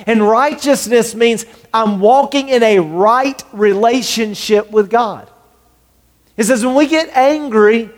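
A male pastor delivering a sermon in an earnest voice that sits high for a man. He acts out the quoted lines of the people he talks about, and his voice carries a long reverb from the big room.

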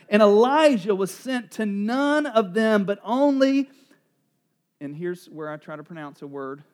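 A middle-aged pastor with a high-pitched voice preaches a sermon, animated and joking as he acts out the voices of townspeople.

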